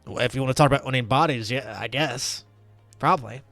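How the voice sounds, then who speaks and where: A man's voice: medium pitch, fast talker, a bit bright, dry recording, soft background music, lightly acted. A man voicing a panicky, goofy male necromancer spirit who whines and rambles in a tabletop game. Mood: chatty. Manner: giddy, whiny, rambling.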